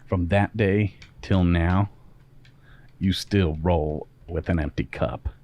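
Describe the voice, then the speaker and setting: A man's voice: deep voice, fairly even intonation, slow pace, darkish tone. A man hosting a casual podcast, an emphatic storyteller and mentor.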